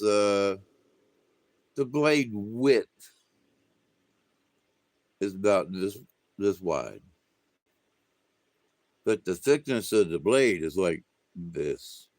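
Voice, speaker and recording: Guy rambling slow on his livestream, chuckles a lot, dry close sound. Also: fairly low pitch, no echo. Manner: meandering, chuckles often, restarts sentences. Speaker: livestream host. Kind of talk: rambling casual chat.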